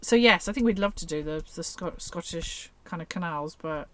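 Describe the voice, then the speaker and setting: A woman's voice: on the low side, moderate pace, a bit bright, a little hiss or hum. A woman co-hosting a casual livestream on a narrowboat. She talks in a rambling, hesitant way and keeps filling gaps with "sort of". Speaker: co-host.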